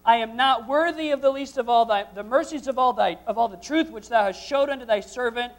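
A man's voice: extremely high pitch, a little fast. A man leading a church congregation, reading scripture aloud and then preaching with rising intensity. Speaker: pastor. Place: church service before a congregation.

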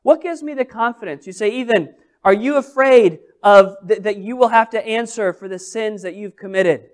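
A man's voice: high-pitched, moderate pace, few pauses. A man preaching a sermon as pastor, emphatic, with repeated phrases and rhetorical questions.

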